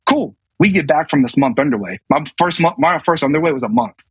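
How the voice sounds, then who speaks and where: A man's voice: a little high, lively intonation, fairly quick, breathy edge, no room sound, low-quality recording. A man in his thirties, a navy command master chief and podcast guest, telling a story casually with many restarts and acted-out quotes. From US South.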